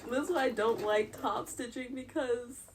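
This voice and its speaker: A woman's voice: on the high side, normal speed, slight background noise. A young woman streaming live as she sews, chatting and giggling and muttering to herself as she works. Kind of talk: live-stream chat while sewing.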